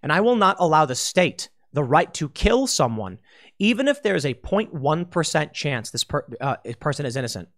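A man delivering a political commentary monologue with a slightly raised pitch. He argues bluntly and casually, now and then slipping into mocking voices to make his point. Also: very animated, normal speed, fairly bright tone. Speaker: host.

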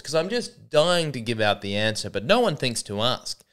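A man's voice: medium pitch, big pitch swings, a little fast, hardly any pauses, a bit bright. A young man hosting a comedy podcast alone, rambling and sarcastic, often mocking himself. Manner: sarcastic, rambling, self-deprecating. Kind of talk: solo comedic monologue.

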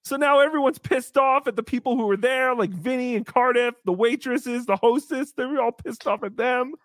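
A man hosting a live show, telling a story in casual chat with animated, exasperated swearing. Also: very high-pitched, normal speed, no room sound, studio quality. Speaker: podcast host.

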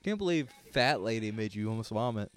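A man on a casual podcast, calm and teasing, with a voice that swings up and down a lot. The sound is close and dry, right on the mic. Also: fairly low pitch, fairly quick, clear, resonant tone, dry recording. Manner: teasing, deadpan needling. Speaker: podcast co-host. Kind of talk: casual chat.

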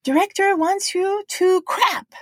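A woman imitating a flustered male interpreter who speaks halting, broken English. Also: very high voice, fairly even intonation, no echo, studio quality, voice pushed up. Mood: announcing.

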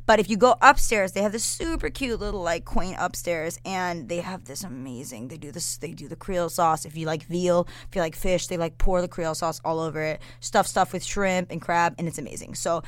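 A woman's voice: lowish voice, fairly quick, hardly any pauses, dry recording. A young woman co-hosting a podcast, telling a story in a casual, giggly way and acting out the other people in it. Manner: animated, giggly, acts out quotes in voices. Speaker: podcast co-host.

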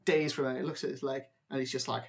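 A woman's voice: a bass voice, level tone, rapid-fire, heavy background noise. A woman narrating a tabletop game as game master, rambling with many fillers and frequent laughs.

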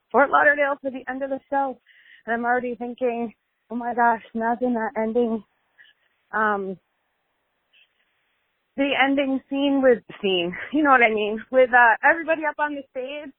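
A woman's voice: a little high, dry recording. A woman leaving a chatty, upbeat voicemail while walking a dog outdoors, out of breath. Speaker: caller to a podcast hotline. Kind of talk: voicemail message. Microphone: phone. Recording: tinny phone line.

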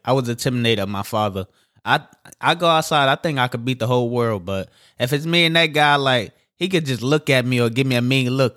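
A man's voice: medium pitch, a bit bright, dry recording, clean studio sound. A man telling a candid story in casual chat, swearing freely. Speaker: podcast co-host.

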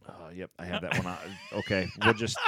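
A male podcast co-host in a casual chat, ranking his favorite sitcom moments and retelling the comedy scenes. He's animated, acting out the characters' lines with big pitch jumps and laughter, talking fairly quickly over slight background noise.

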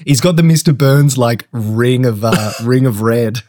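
A man co-hosting a casual cricket podcast, agreeable and quick to laugh. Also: medium pitch, a little mellow. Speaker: podcast co-host.

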